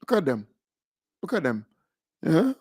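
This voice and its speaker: A man with a Grenadian accent, hosting a radio show, giving mocking political commentary in a teasing, sing-song tone of fake pity with drawn-out taunts. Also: fairly high pitch, huge pitch swings, darkish tone, slightly rough, dry recording.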